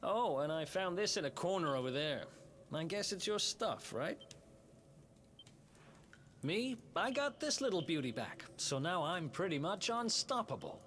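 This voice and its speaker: Cocky young thief. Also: male voice, high voice, sing-song, a little slow, a bit bright, a little hiss or hum, exaggerated voice. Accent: New York-like. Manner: breezy, self-assured, teasing. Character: cocky young male thief, quick and street-smart.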